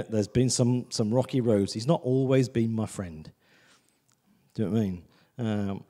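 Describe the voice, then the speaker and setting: A man's voice: mid-range voice, warm tone, big-room sound. A man preaching a sermon in a church, in a chatty, conversational way, often asking "do you know what I mean". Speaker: visiting preacher.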